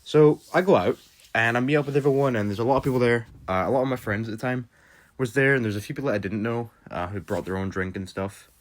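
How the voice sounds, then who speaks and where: A man's voice: medium pitch, quick pace. A young Scottish man casually telling a story from his youth, loose and self-mocking, with frequent fillers and swearing. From Scotland. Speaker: storytelling vlogger.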